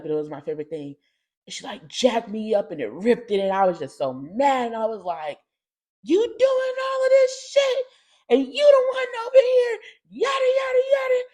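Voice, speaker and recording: A young woman hosting a podcast, telling a candid personal story in slangy, animated speech that jumps into loud acted-out quotes. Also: on the low side. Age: young adult. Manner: animated, slangy, swings into loud shouting impressions. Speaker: podcast host.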